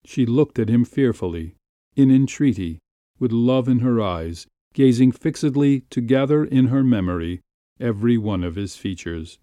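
A man reading a classic short story aloud in a measured, unhurried way. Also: mid-range voice, animated, dark tone, no room sound. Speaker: narrator.

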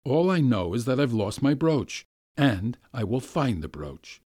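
A man's voice: mid-range voice, sing-song, a little slow, darkish tone, no room sound, clean studio sound, voice pushed up. A man reading a story aloud, voicing a weary, indignant wealthy middle-aged lady. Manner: weary, self-pitying, indignant.

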